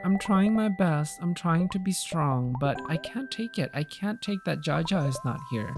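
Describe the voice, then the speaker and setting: A woman voicing a fragile grieving youngster, low voice, pleading, tearful, soft music underneath.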